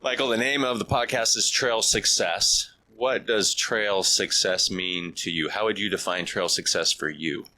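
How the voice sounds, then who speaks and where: A podcast host, a man with a lowish, bright and forceful voice, puts short, direct questions to his guest. A faint background noise runs under the recording. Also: steady tone, a little slow, few pauses, poor audio. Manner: brief acknowledgements, plain direct questions. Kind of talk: interview questions.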